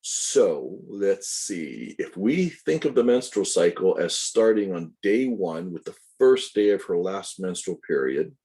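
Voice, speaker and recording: A man's voice: deep voice, big pitch swings, unhurried, few pauses, mellow. A man giving a recorded anatomy lecture, explaining step by step, correcting himself and adding asides to his students. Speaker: anatomy instructor.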